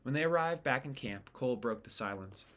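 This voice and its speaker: A man reading a novel chapter aloud in a steady, unhurried storytelling way. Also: medium pitch. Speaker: audiobook reader.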